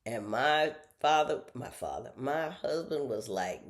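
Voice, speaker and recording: A middle-aged woman hosting a casual storytelling monologue from home, animated and acting out other people's voices. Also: unhurried, hardly any pauses. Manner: animated, acts out others' voices with big jumps in pitch. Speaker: host.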